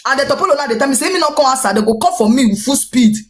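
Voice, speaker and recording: Fast-talking Nigerian Pidgin woman. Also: sits high. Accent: Nigerian Pidgin English. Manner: rambling, repetitive, animated retelling with quoted dialogue. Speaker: social media personality. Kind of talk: gossipy storytelling recounting a dispute.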